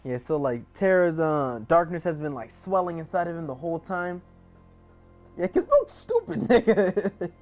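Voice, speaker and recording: A man's voice: on the high side, moderate pace, darkish tone, soft background music. A man streaming live, recapping a story casually in slangy, profane, rambling talk. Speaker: livestreamer.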